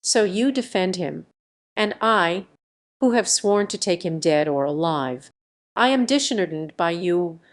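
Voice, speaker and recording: A woman's voice: on the low side, animated, unhurried. A woman reading the lines of a passionate male swordsman lieutenant in an audiobook, with impassioned exclamations. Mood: anguished. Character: fiery Gascon swordsman lieutenant, man.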